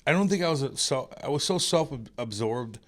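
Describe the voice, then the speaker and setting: A man from the St. Louis area co-hosting a casual podcast, telling loud, rambling, profane stories. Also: medium pitch, lively intonation, moderate pace. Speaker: podcast co-host. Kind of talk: casual chat.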